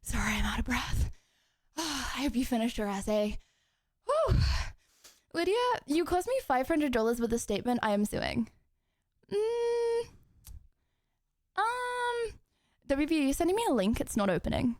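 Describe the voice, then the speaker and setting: A woman's voice: high voice, big pitch swings, unhurried, pauses often, darkish tone, no room sound, clean studio sound. A young woman streaming live, chatting casually with her viewers in a bubbly, giggly way. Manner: bubbly, giggly, cheering chat on.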